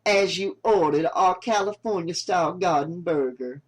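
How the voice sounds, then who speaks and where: Man doing a deadpan diner waitress. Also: sits high, low-quality recording. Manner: deadpan, slow. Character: dry, sarcastic heavyset diner waitress.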